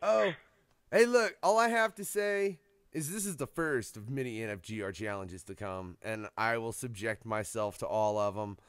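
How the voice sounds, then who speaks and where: A man hosting a radio show, joking loudly and swearing constantly in casual chat. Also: lowish voice, normal speed, clean tone, no echo. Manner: loud, joking, swears a lot.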